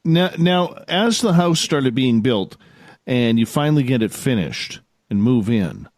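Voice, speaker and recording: A man's voice: mid-range voice, very animated, unhurried, darkish tone, no echo. Man, radio host, eager questions, dry close mic. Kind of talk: interviewing on a call-in radio show.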